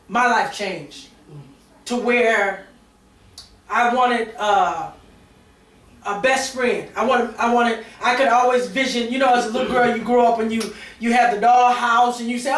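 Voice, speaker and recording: On a talk show panel, a middle-aged woman candidly recounts a personal story, restarting often and using many fillers. Her voice is fairly high and her pace measured, and the sound is roomy and distant.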